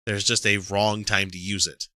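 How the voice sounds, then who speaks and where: A man's voice: lowish voice, level tone, normal speed, bright, forceful tone, no room sound, studio quality. A man co-hosting a podcast in casual chat, rambling, swearing freely and laughing often. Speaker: podcast co-host.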